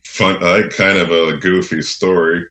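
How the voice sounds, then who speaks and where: A man's voice: low-pitched, flat delivery, unhurried, bright, forceful tone. A man telling rambling, laughing anecdotes in a casual interview. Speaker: radio host guest. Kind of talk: casual storytelling.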